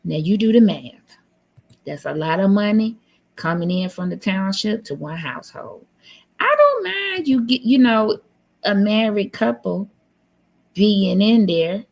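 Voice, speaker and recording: A woman's voice: mid-range voice, very animated, unhurried, vocal fry. Woman streamer, casual sassy commentary, blunt and teasing, computer mic. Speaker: live stream host. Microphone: computer mic on a live stream.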